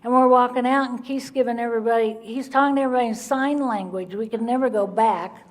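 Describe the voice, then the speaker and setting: A woman giving her Al-Anon recovery testimony, telling her story in an animated way and acting out the people in it. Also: a little high, fast talker, slight background noise. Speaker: Al-Anon speaker.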